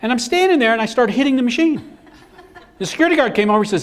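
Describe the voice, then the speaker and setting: A man's voice: extremely high pitch, rapid-fire. A middle-aged man giving a business seminar, telling stories and acting out the quotes. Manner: animated storyteller acting out quotes. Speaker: business speaker. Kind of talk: live seminar presentation.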